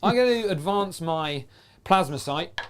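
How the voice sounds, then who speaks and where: A man's voice: sits high, animated, a little slow, a crowd in the background. A man playing a tabletop wargame on a live stream, wry and teasing as he explains his moves. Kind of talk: casual banter while playing a tabletop game.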